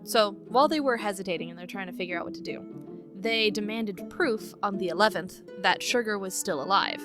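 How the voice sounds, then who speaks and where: Speaking briskly in a medium-pitched voice over music, a podcast co-host works through a case from her notes, keeping things casual and laughing frequently.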